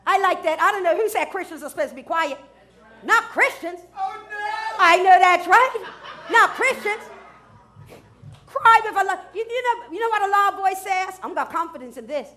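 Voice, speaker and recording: A woman pastor preaching a sermon, dropping to hushed asides and rising to loud shouts, with features. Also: extremely high pitch, normal speed. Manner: swings from hushed asides to loud shouted declarations, laughs often.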